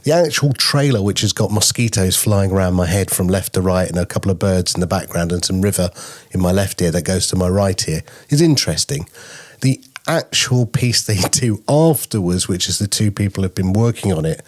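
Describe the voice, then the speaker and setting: Deep-voiced chatty man. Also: fairly quick. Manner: chatty, playful asides. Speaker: podcast news co-host. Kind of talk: casual chat.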